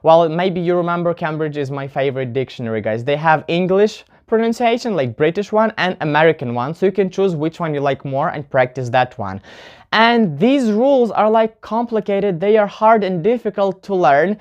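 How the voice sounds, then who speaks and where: Low-voiced woman teaching pronunciation. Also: lively intonation, darkish tone, lo-fi sound. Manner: chatty, often addresses viewers as "guys"; explains slowly, demonstrating word stress aloud. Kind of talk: casual online video lesson.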